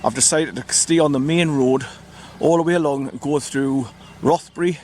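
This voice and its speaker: A man's voice: a little high, normal speed, darkish tone, a little hiss or hum. A man vlogging by his parked car in the countryside, chatty and rambling, spelling out place names as he goes. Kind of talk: casual walking vlog narration.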